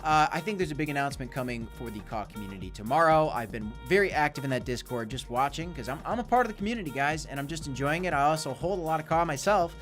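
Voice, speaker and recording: A man's voice: on the high side, animated, fast, few pauses, fairly bright tone, faint music behind. A man hosting a casual livestream with commentary and Q&A, hyped and chatty, often calling out to "guys". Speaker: crypto channel host.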